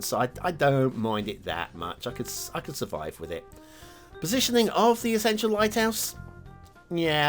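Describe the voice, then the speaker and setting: A man hosting a game map review show, talking casually over gameplay with lots of fillers and wry asides. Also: mid-range voice. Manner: chatty, rambling, many fillers and self-deprecating asides.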